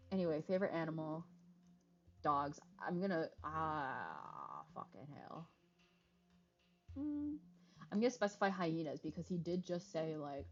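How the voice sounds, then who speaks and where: A woman's voice: low voice, lively intonation, moderate pace, pauses often. A woman streamer playing a game, reading dialogue choices aloud with casual jokes and frequent swearing. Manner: reads dialogue choices aloud, swears freely, jokey asides. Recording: slightly dull lo-fi stream audio with faint music.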